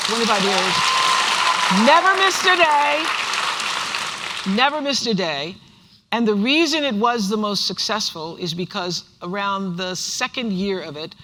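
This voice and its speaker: A woman's voice: lowish voice, fairly bright tone. An older woman from the United States, an author speaking on stage in a large university auditorium, telling stories with emphatic repetition. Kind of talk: onstage conversation. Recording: reverberant hall sound.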